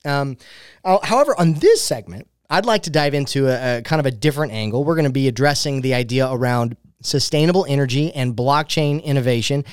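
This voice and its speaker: A man's voice: medium pitch, animated, a little fast, smooth, no room sound. A man from Oklahoma hosting a casual radio interview in a small studio, upbeat and chatty with fillers and restarts. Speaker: radio show host.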